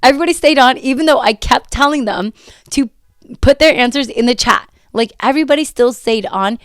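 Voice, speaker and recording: Recorded on a close podcast mic in dry, studio-quality sound, a woman with a slightly high voice speaks at a moderate pace. As a coach hosting a casual motivational show, she's emphatic and full of energy, leaning on repetition and quoted self-talk. A recent illness has left her voice a little tired.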